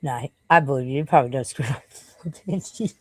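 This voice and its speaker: A woman with a low, deep-set voice chats on a late-night live stream, tired and rambling. She swears a lot and keeps turning aside to scold or coo at her dog. The sound is close and dry, with no room around it. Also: a little fast, breathy edge, no room sound, low-quality recording.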